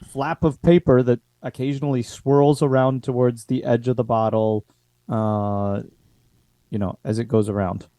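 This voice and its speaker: A man of middle pitch narrating as game master, relaxed and hesitant, with plenty of ums as he sets the scene. His voice is close and dry, with no room sound. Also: measured pace, no room sound. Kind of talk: narrating a tabletop horror game.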